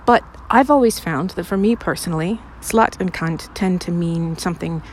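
A woman's voice: lowish voice, normal speed, slight background noise. A young woman who makes audios, chatting with her listeners in a rambling, self-deprecating way full of fillers. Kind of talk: casual chat to listeners. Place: recorded outside.

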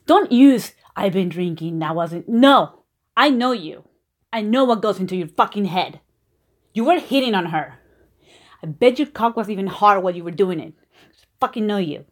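A young woman acting a jealous, foul-mouthed girlfriend in an audio role-play, swearing constantly and swinging between low mutters and shouting. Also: lively intonation, normal speed, lightly acted. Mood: yelling.

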